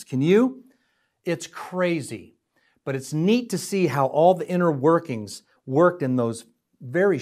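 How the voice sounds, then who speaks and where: A male pastor delivers a sermon with a slightly high voice. He preaches earnestly and emphatically and keeps turning to his listeners with questions.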